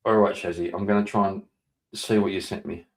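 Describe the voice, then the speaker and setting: Reading out messages from his viewers, this male livestreamer rambles in a deep voice at a brisk pace. He swears, laughs a lot, and erupts now and then into loud, excited outbursts during his casual chat.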